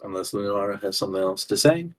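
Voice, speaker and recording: A man's voice: on the low side, expressive, fast talker. A man in casual, joking chat as a player in a tabletop game.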